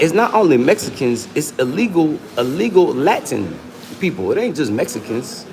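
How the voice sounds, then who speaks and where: A man's voice: on the high side, vocal fry, a little mellow. A man with hosting a livestream, taunting and arguing with users in his chat in a casual, combative way. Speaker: livestream host.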